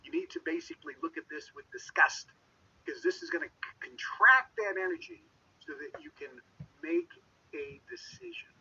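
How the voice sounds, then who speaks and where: A man delivers a motivational talk with a high, sharp and slightly husky voice. His pitch leaps wildly as he swings from loud emphasis to hushed whispers. The recording is dull and lo-fi, with the mic set well away from him. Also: wildly swooping pitch, normal speed, far from the mic. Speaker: motivational speaker.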